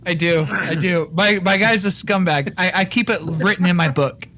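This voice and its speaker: Man, tabletop player, high bright voice, stammering, casual. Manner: halting, stammering starts.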